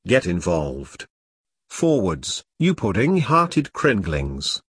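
A man putting on a zealous, bawling lord from a dark storybook, deep and booming as he roars orders at his victims. The sound is close and dry. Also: wildly swooping pitch, takes it slowly, slightly rough, dry recording, full character voice. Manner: bawling, fanatical. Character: menacing zealous lord, bellowing cult fanatic.

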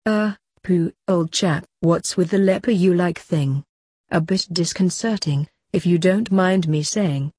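A woman's voice: lowish voice, a little slow, a little mellow, slightly rough, dry recording. A woman voicing a small male piglet who speaks in a dry, mocking, matter-of-fact way. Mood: sardonic.

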